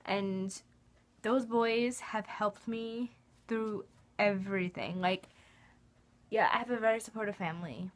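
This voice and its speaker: Young adult woman vlogger, rambling and emotional, chatty filler-laden delivery. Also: mid-range voice. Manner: rambling, emotional, heavy use of "like". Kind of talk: casual fan vlog.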